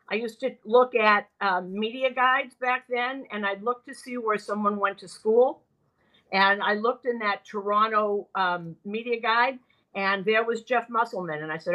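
An older woman broadcaster telling animated stories from her career in an interview, often quoting other people. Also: mid-range voice, poor audio. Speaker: guest broadcaster. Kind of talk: storytelling in a podcast interview.

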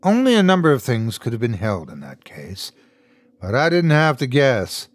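A man reading a first-person horror story aloud as host and narrator, expressive and dramatic. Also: mid-range voice, normal speed, no room sound.

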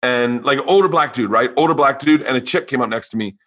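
A man hosting a podcast, telling stories in a lively way, swearing freely and acting out the people in them. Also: mid-range voice, fast. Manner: animated storyteller, swears freely, acts out voices. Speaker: podcast host. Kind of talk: casual chat.

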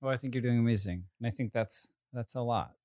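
Guy on a podcast, quiet and halting, lots of likes and restarts, dry close mic. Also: mid-range voice, no room sound. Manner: soft-spoken and hesitant, with many fillers. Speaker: podcast co-host. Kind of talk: casual chat.

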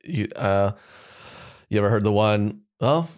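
A man's voice: fairly low pitch, fairly quick. A man from the American South with a Southern accent, joking through made-up folksy sayings in a casual comedy chat. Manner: joking, makes up folksy sayings, lively delivery.

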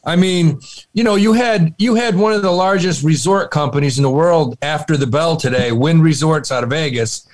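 A man's voice: fairly high pitch, moderate pace. A man co-hosting a podcast, talking about markets in a blunt, profane way. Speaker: podcast co-host, market commentator. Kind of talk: casual chat.

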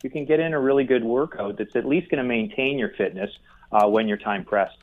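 A man being interviewed as a guest expert, explaining in a measured way. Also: medium pitch. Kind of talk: interview answers. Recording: tinny phone line.

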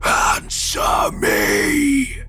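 A man voicing a menacing, inhuman gray man in a horror audio story, in a wet, gurgling, snarling whisper that breaks into shouts. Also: drawn-out words, slight background noise. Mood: furious shouting. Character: menacing gray man, an eerie male specter.

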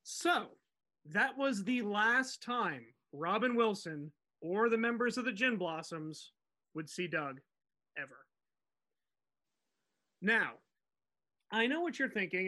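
A man with a high, bright voice hosts a podcast and leads the storytelling. He talks in a casual, animated, chatty way and laughs easily as he goes. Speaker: podcast host telling the story.

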